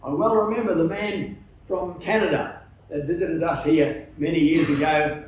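A man's voice: a little high, normal speed, muffled recording. Man, preacher, earnest sermon with hesitations; very reverberant hall, distant pickup. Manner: earnest, emphatic, with frequent hesitations. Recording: very echoey hall, distant mic, faint noise.

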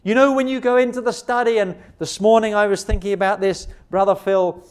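A man delivers a sermon in a high-pitched voice. He leans on rhetorical questions and drags out key words for emphasis, speaking straight to his listeners. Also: fairly even intonation, a little fast, clear, resonant tone. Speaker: preacher.

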